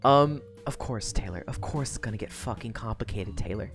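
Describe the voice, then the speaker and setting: A woman's voice: extremely low pitch, a little fast, faint music behind. A woman streamer recapping a book in a casual, rambling way, with lots of swearing and laughter.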